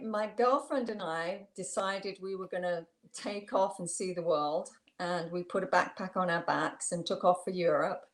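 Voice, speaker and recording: A woman in her sixties, a guest on an interview, telling an old story with warm amusement and frequent laughter. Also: on the low side.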